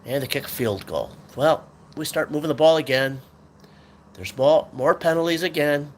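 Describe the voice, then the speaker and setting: A man's voice: a little high, moderate pace. Frustrated ranting sports fan man. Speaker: sports talk host. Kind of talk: sports rant podcast.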